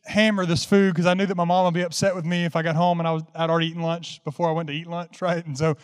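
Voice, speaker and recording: A man's voice: fairly high pitch, level tone, racing, clean tone, long reverb tail. A man preaching a sermon, telling a folksy story that builds into fervent preaching. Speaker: pastor.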